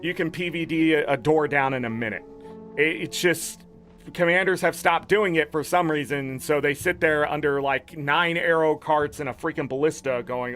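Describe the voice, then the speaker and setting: A man's voice: on the high side, moderate pace, a bit bright, faint music behind. A man giving blunt, opinionated commentary on game patch notes as a gaming content creator, swearing freely.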